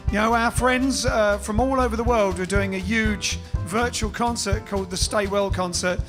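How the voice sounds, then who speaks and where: Playful man hosting, high voice. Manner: playful, joking, chatty asides. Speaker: band leader hosting a livestream show. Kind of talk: casual livestream chat. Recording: band music clearly behind the voice.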